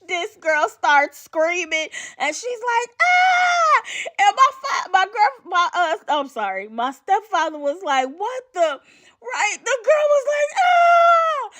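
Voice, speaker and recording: Her voice fairly high, a woman hosting a podcast shares a personal story with lots of animation, frequent laughter and regular check-ins with the listener.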